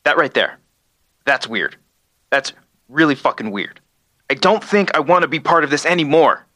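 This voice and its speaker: A man's voice: a little high, lively intonation, moderate pace, pushed and bright, no room sound, clean studio sound. A man playing an exasperated apartment leasing office worker who sounds flustered and fed up.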